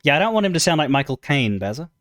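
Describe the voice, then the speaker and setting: A man's voice: a little high, sing-song, very fast, fairly bright tone, a little hiss or hum. A male streamer talking casually about his character voices during a game playthrough, often restarting his sentences. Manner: chatty, lots of restarts and self-corrections.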